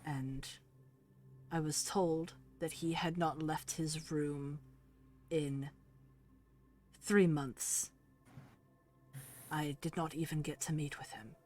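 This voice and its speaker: Woman playing a hesitant, formal male advisor; low voice, slow. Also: fairly even intonation, a little mellow. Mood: somber.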